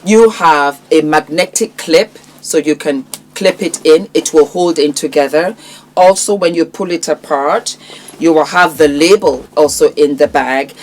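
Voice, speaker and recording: A woman vlogger presenting a bag from her own brand to camera, calling viewers "darling" and repeating her selling points with emphasis. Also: deep voice. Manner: warm, affectionate, calls viewers darling; emphatic, repetitive sales patter. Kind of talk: product showcase to camera.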